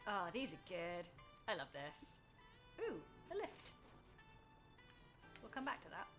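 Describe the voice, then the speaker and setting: A woman's voice: lowish voice, huge pitch swings, takes it slowly, music in the background. Chatty self-mocking woman streamer. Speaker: streamer playing a video game. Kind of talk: casual let's-play chat, reading game text aloud.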